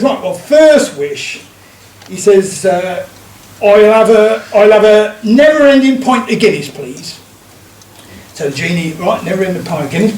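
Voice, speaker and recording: A man telling jokes to a live pub audience, rambling and chuckling at his own punchlines. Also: high-pitched. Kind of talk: live stand-up joke telling. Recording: echoey room, distant mic.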